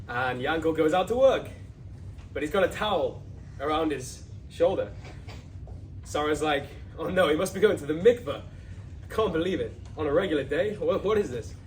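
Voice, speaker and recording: A young man telling a Hasidic story, breaking into acted voices with high, loud outbursts. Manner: acts out characters with sudden high, loud outbursts. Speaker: student speaker retelling a Hasidic story. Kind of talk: animated storytelling. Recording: distant mic with faint background noise.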